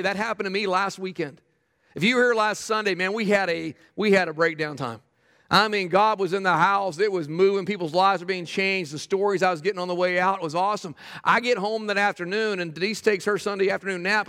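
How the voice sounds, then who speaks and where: Male pastor, high gravelly voice, emphatic sermon delivery in a church hall with long reverb. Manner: animated, emphatic preaching with repeated phrases. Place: church sanctuary.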